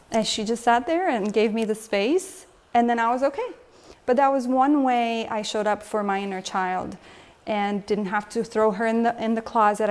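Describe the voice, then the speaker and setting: Woman coach leading an interactive talk. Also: mid-range voice. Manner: engaging, asks the audience questions. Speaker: emotional health coach. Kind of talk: lecture with audience exchange. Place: lecture room with audience.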